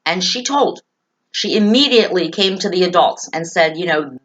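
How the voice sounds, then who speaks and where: A woman's voice: lowish voice, expressive, moderate pace, fairly bright tone, muffled recording, slight background noise. A woman hosting a talk show, speaking earnestly and emphatically to parents and children, repeating key phrases to reassure them. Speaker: host.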